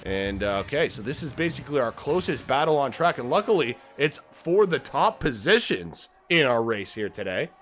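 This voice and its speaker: A man's voice: medium pitch, sing-song, moderate pace, few pauses, a bit bright, faint music behind. Joking, foul-mouthed male race commentator. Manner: casual, joking, swears freely. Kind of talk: live sim racing commentary.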